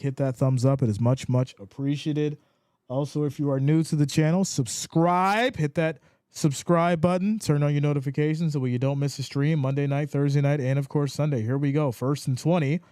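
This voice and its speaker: Man, live-stream play-by-play, fairly high voice, dry close sound. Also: moderate pace, dry recording. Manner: animated, rises in pitch when excited. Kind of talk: play-by-play commentary with chat reading.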